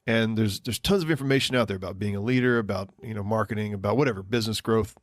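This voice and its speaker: A man's voice: fairly low pitch, fast talker, no room sound, studio quality. A man co-hosting a podcast, chatting casually and rambling a bit with ums and restarts. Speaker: podcast co-host.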